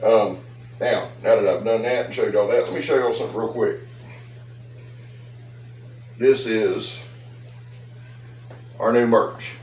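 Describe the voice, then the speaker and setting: A man's voice: lowish voice, steady tone, slow, pauses often, darkish tone, distant mic, a little hiss or hum. Rambling man in his fifties, echoey. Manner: rambling, folksy, chatty asides. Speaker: knife reviewer and seller. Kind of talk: casual vlog. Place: at home with dogs. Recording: echoey room, voice off-mic.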